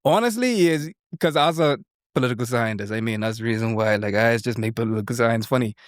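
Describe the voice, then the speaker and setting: A man co-hosting a podcast, talking in an animated, joking way. His voice sits in an ordinary middle pitch. The mic is close and dry, with no room sound. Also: quick pace, no room sound. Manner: animated, joking, slangy Caribbean speech. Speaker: podcast co-host. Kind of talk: casual chat.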